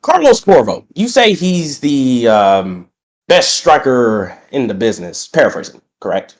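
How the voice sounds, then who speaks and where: A young man cuts a brash wrestling promo, stretching out his greetings and boasting loudly. He is getting over a bout of sickness. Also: medium pitch, sing-song, measured pace. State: recovering from being sick. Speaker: wrestling roleplayer cutting a promo.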